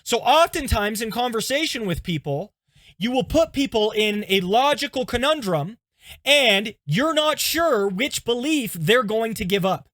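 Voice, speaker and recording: A man, a pastor, teaching a lesson through stories in an animated, conversational way, often checking in with "okay?". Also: high-pitched, dry recording.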